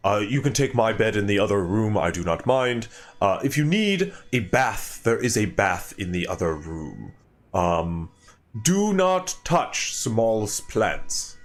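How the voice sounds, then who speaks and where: A man's voice: lowish voice, big pitch swings, slow pace, heavily acted. A man voicing a polite, hospitable male alchemist healer who pilots a burrowing machine, with a hesitant way of talking.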